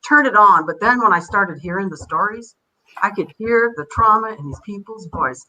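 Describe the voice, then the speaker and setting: An older woman tells her stories in a bright, forward voice. She rambles from one thing to the next and acts out the people she quotes. She talks as a guest on a casual podcast. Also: medium pitch, lively intonation, moderate pace, poor audio. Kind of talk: casual interview storytelling.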